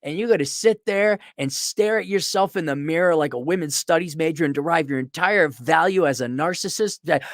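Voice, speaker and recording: A man's voice: a little high, a little fast, hardly any pauses, fairly bright tone, no echo, clean studio sound. A middle-aged man delivering a sarcastic, ranting opinion monologue as a podcast host. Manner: sarcastic, ranting, mocking voices.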